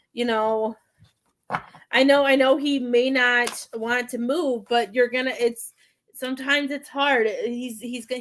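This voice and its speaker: A woman doing a psychic reading from home, with halting, repetitive speech that gives gentle advice. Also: a little high, slight background noise. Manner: halting, repeats words, soothing advice. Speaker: psychic medium. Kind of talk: live-stream spirit reading.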